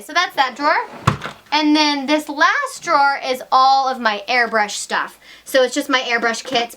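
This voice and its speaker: A young woman vlogger chatting casually to camera about her makeup collection, swinging between excited and tired asides. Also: fairly high pitch, noisy background. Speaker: beauty vlogger.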